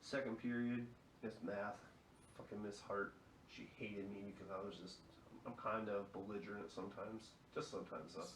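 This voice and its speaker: A man's voice: on the low side, flat delivery, normal speed, a little hiss or hum. A young man hosting a podcast, telling rowdy stories in a profane, chuckling way. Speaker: fill-in podcast host. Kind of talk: casual storytelling. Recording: echoey room.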